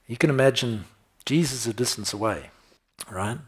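A man's voice: medium pitch, normal speed, husky. A man preaching a sermon, often checking in with his listeners with "right?" and "okay?".

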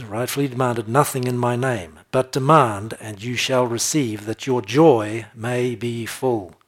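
Male preacher, sermon delivery, emphatic on scripture, chatty asides, mid-range voice. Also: mid-range voice. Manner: emphatic scripture reading with slowed stressed phrases; conversational asides with soft laughs.

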